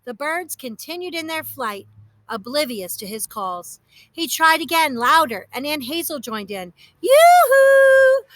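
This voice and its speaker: A woman tells a children's story with lively expression in a high, bright voice. The recording is close and dry with no room sound, and she speaks at a normal speed.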